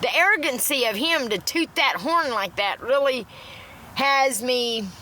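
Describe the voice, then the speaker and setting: A woman's voice: high-pitched, lively intonation, unhurried, sharp tone. A middle-aged woman ranting to a phone in a blunt, profane, rambling way, recorded in a parked car. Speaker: TikTok livestreamer. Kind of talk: ranting casual monologue.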